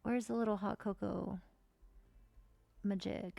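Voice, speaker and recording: A woman's voice: mid-range voice, flat delivery, moderate pace, vocal fry, darkish tone, dry recording. A woman streaming a life-simulation game, chatting casually and swearing now and then as she plays. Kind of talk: casual gameplay commentary.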